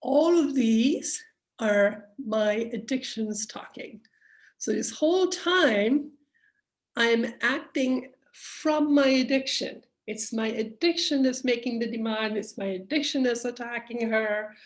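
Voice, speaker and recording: Middle-aged woman, slightly high voice, unhurried self-help speaker thinking aloud. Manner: slow, candid, thinking aloud with pauses. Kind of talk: reflective personal talk.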